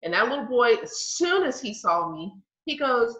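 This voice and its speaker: A woman's voice: fairly high pitch, very animated, moderate pace, a bit bright. A woman in her forties sharing a personal story in earnest, reflective tones during a group discussion. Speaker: panelist. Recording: dull lo-fi audio.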